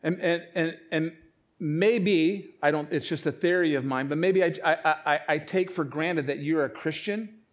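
A man's voice: a little high, a little slow. A man preaching a sermon, emphatic, with frequent repeated words and restarts. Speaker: pastor.

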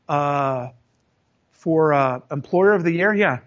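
A man with a high voice tells a personal story in a loose, conversational way, and he plays out both sides of each argument. His voice jumps up when he voices his own retorts. The recording sounds dull and lo-fi. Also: lively intonation, unhurried. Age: 30s or older. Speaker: storyteller recounting a job.

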